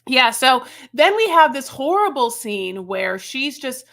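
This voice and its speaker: A woman's voice: high-pitched, big pitch swings, a little slow, fairly bright tone. A woman co-hosting a casual recap chat, rambling loosely with lots of fillers and laughs. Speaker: podcast co-host.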